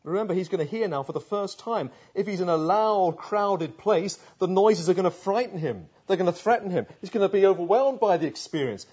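Male preacher, earnest, rhetorical, mellow and husky; lo-fi recording. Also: high-pitched, animated, fairly quick, few pauses. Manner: earnest storytelling with rhetorical questions, hushed at tender moments. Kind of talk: sermon. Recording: dull lo-fi sound.

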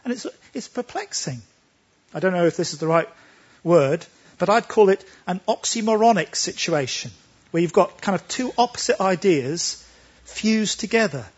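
A man's voice: high-pitched, sing-song, normal speed, slightly rough, dull audio. A man preaching a sermon, talking emphatically and pressing his listeners with rhetorical questions.

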